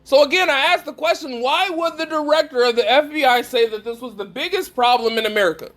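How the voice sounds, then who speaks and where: Very high-voiced man preaching emphatically. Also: quick pace, fairly bright tone. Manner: emphatic, questions the listeners directly. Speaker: speaker at a faith gathering. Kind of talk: preaching talk to a live group.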